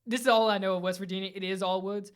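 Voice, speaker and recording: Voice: mid-range voice, fairly even intonation, quick pace, clean tone. A podcast co-host telling a long, rambling story in casual chat, often stopping and restarting mid-sentence.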